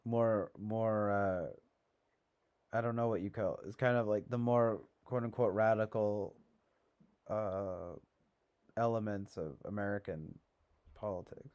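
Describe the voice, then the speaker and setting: A man's voice: on the low side, fairly even intonation, measured pace, long pauses, darkish tone, muffled recording. A man hosting a casual livestream, rambling with lots of fillers and a sarcastic edge. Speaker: livestream host.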